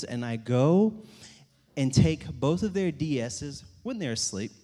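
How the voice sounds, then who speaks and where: With a fairly high pitch, a young man delivers a storytelling talk to a live church audience. He's lively and self-deprecating, playing out what others said. The sound carries a long hall reverb.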